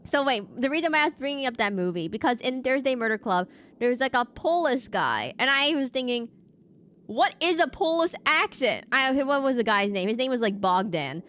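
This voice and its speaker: A woman's voice: fairly high pitch, sing-song, a little fast, a bit bright, clean tone. A woman streaming a video game, chatting in a rambling casual way with many fillers and restarts. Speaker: VTuber streamer.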